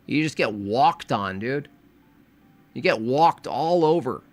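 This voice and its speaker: Sarcastic reaction host, voice swoops widely from deadpan to high mock bursts. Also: male voice, takes it slowly. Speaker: video reactor. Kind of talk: reaction commentary.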